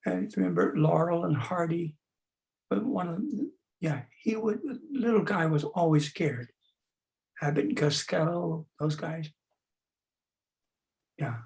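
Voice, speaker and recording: Older man with a gravelly, slow voice. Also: fairly high pitch, a little mellow. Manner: playful, coaxing, demonstrates sighs and growls. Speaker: speaker leading a group exercise. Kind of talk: instructional talk with face exercises.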